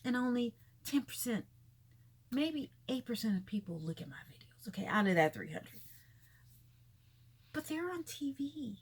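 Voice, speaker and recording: A woman's voice: on the high side, very animated, moderate pace, pauses often, slightly rough. A woman vlogging her blunt, exasperated commentary on celebrity gossip, repeating herself as she talks.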